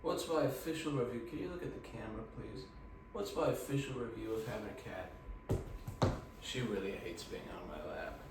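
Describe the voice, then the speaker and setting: A man vlogging casually about life at home, rambling with crude deadpan jokes. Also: on the low side, moderate pace. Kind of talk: casual vlog chat. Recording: distant echoey room with noise.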